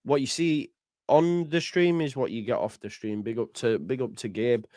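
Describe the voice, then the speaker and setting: A man's voice: medium pitch, normal speed, a little mellow, slight background noise. A man, hosting a casual fan chat on a live stream, full of banter and laughter. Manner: banter-heavy, laughs often, acts out quotes. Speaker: fan podcast host.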